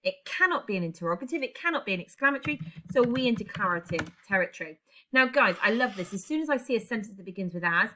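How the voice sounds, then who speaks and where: A woman's voice: medium pitch, a bit bright. A woman teaching a language lesson online, explaining step by step and putting questions to her class. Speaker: English teacher.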